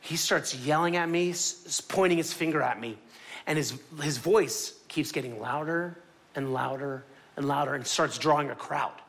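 A high-pitched man preaching with lively energy, rising sharply in pitch and volume when he drives a point home. He tells stories in a casual, conversational sermon voice, from Miami. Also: normal speed, creaky. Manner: animated storytelling, jumps up in pitch for emphasis. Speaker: pastor.

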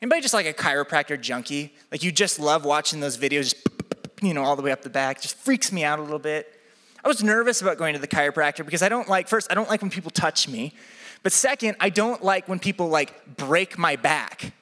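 A man preaching a sermon, telling a comic personal story with lively energy. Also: a little high, brisk. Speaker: pastor. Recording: echoey hall.

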